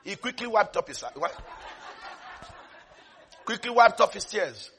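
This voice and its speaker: A man preaching a sermon with lots of energy, dropping into soft asides, then rising to shouts, and laughing often as he speaks. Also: high voice, sing-song, a little slow, a faint crowd, a little hiss or hum. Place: church service.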